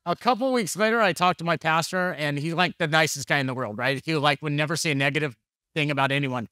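A man's voice: on the high side, fast talker, pushed and bright, no echo, clean studio sound. A man preaching a conversational sermon, telling candid, jokey stories and acting out the dialogue. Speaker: pastor.

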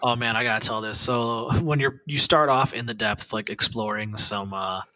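Bright-voiced joking podcast co-host man. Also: mid-range voice, normal speed, no echo. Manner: joking, rambling, swears freely. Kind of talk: casual gaming podcast chat.

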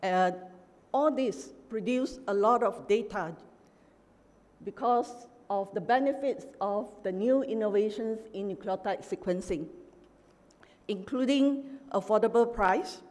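A middle-aged woman delivers an academic lecture in a measured, emphatic way, stopping often with small "uh" pauses. Her voice sits at an ordinary pitch for a woman. The sound carries a long reverb from a large lecture hall. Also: a little mellow. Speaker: professor giving an inaugural lecture.

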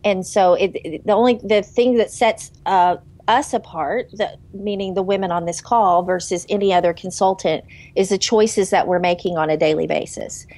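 A woman with a mid-pitched, even voice speaks earnestly on a video call. She encourages others as a sales consultant and often restarts her thoughts mid-sentence. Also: moderate pace, hardly any pauses. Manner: earnest, rambling restarts, motivational. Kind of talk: casual testimonial chat.

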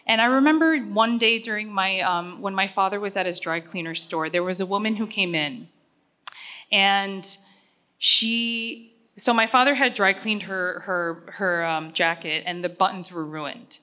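A woman's voice: mid-range voice, a little slow, pushed and bright. A middle-aged woman giving a personal acceptance speech at a gala, talking earnestly and conversationally with frequent fillers.

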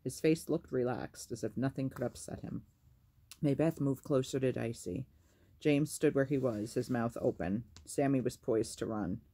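A man narrates a novel like a storyteller, his pace measured and even. His voice is dark and mellow, low in register with a gravelly grain.

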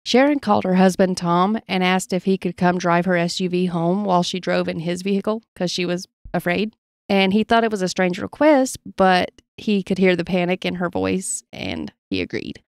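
A woman's voice: on the low side, animated, moderate pace, gravelly, dry recording, clean studio sound. A woman podcast co-host reading paranormal stories from her notes in a casual chat, laughing easily and playing along with jokes.

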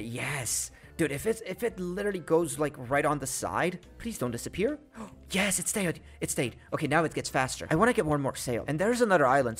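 A young man commentating his gameplay, talking casually with slang and getting loud and panicky when danger comes. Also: fairly high pitch. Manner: excitable, panics and pleads loudly in danger; casual slang, says "dude" and "mate". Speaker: gaming YouTuber.

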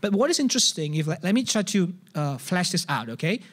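A man with an Indonesian accent delivers a church sermon in an animated, chatty way. His voice sits high for a man, and he often restarts phrases and acts out little scenes to make his point. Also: fairly quick. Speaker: pastor. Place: church service.

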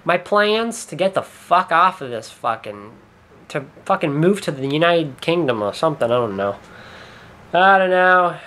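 A young man with a somewhat high voice rambles through a vlog monologue. He hesitates, swears a lot, and keeps trailing off mid-sentence before starting again. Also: very animated, normal speed, bright, forceful tone, a little hiss or hum. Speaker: YouTuber.

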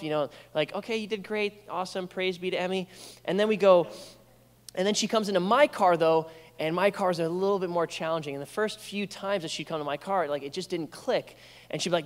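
A man's voice: fairly high pitch, quick pace. A young man preaching a sermon as pastor, telling stories in a conversational way with playful asides. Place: church sanctuary. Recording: reverberant church hall.

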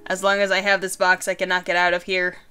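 A woman voicing a remorseful male wizard trapped in a box, reading his lines in a measured, solemn way. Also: fairly low pitch, monotone, pushed and bright, clear, resonant tone, soft background music.

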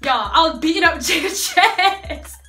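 A young woman vlogger telling a storytime tale in an animated, slangy way, talking straight to her viewers. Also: very high-pitched, a little slow, roomy sound, faint music behind. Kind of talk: storytime vlog.

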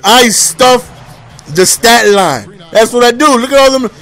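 A man's voice: extremely high pitch, a little slow, a bit bright. A man giving casual, playful video game commentary, boasting and joking, with lots of repeated phrases. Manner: repeats phrases, frequent "you know what I'm saying". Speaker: gameplay commentator.

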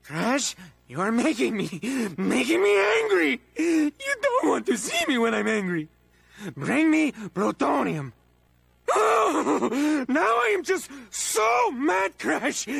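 An actor voicing a manic, melodramatic male mad-scientist henchman in a video game, with a raspy, theatrical delivery that swings between wheedling and raging. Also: big pitch swings, a little slow, fairly bright tone, no echo, heavily acted. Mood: ranting. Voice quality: raspy, high-strung, theatrical. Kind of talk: video game character voice acting.

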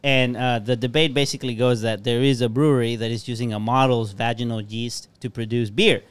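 A man co-hosting a podcast in casual chat, talking quickly and often restarting his sentences. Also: mid-range voice, steady tone, clean tone. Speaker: podcast co-host.

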